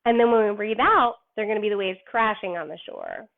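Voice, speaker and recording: A woman's voice: mid-range voice, creaky. A young woman teaching yoga to children and reading them a story in an encouraging, sing-song way. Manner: encouraging, slow and sing-song when cueing poses. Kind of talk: gentle yoga instruction and storybook reading for kids. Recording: tinny phone-like sound.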